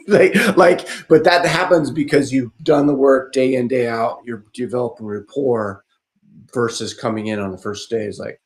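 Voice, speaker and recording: A man talking casually on a podcast, rambling with frequent restarts and fillers, and turning animated when he mimics other people. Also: mid-range voice, moderate pace. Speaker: podcast speaker. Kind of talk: casual conversational podcast talk.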